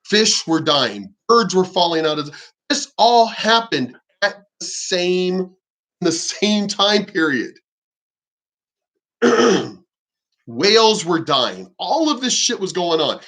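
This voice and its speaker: A man's voice: high-pitched, big pitch swings, slow, a bit bright. A man talking casually in a rambling monologue, emphatic and often swearing. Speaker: vlogger.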